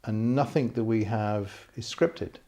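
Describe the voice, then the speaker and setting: Man, mellow dark tone, interviewer, casual, halting phrasing. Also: on the low side, creaky. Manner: hesitant, many fillers and restarts. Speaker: interviewer and film director.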